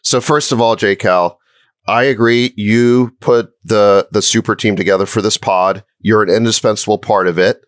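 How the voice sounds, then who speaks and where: A man's voice: lowish voice, fairly even intonation, moderate pace, no room sound, clean studio sound. A middle-aged man co-hosting a podcast, needling and mocking his fellow host. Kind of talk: podcast argument.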